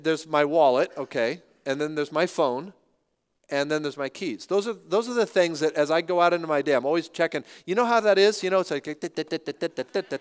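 Middle-aged guy pastor preaching, chatty and jokey about himself, clear smooth voice, big echoey church hall. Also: on the high side. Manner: animated, conversational, self-deprecating humor. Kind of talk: sermon. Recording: reverberant hall.

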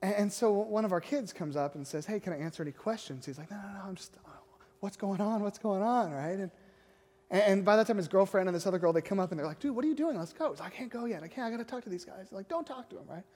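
A man's voice: sits high, lively intonation, fast talker, a little mellow. A man, a youth pastor, telling a story in a casual sermon and often tagging lines with "right?". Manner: conversational, keeps asking "right?". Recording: long echoing hall reverb.

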